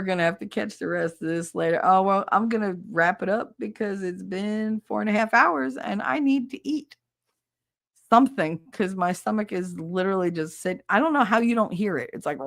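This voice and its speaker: A middle-aged woman hosting a podcast in casual solo chat, rambling, nostalgic and self-mocking. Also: mid-range voice. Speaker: podcast host.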